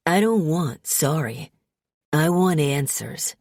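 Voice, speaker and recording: Woman putting on a dark new jersey mob prince, deep slow drawl, ruthless and brooding. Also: animated, no room sound, clean studio sound, full character voice. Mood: intense. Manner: low, slow, menacing drawl. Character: brooding ruthless male mafia heir, young adult.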